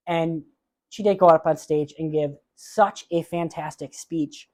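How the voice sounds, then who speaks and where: A man hosting a solo movie podcast, chatting casually and giving blunt opinions with frequent filler pauses. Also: a little high, steady tone, darkish tone. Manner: openly emotional about awards moments.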